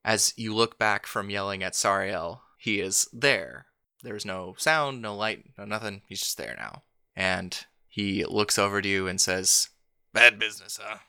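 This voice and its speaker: Bright-voiced man running a tabletop game. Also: on the low side, unhurried, gravelly, clean tone, no echo, clean studio sound. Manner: laughs often, playful narration. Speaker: game master.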